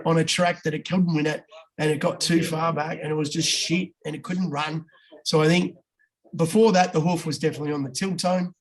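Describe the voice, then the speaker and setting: A man giving racing tips in casual, blokey chat, swearing freely. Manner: blokey, swears freely, talks fast with quick jumps in pitch.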